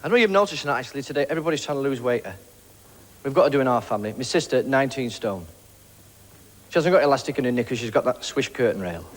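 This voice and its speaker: A man from Blackpool with a Lancashire accent, doing a stand-up comedy routine of quick, punchy one-liners. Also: mid-range voice, animated, slight background noise. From Blackpool, England.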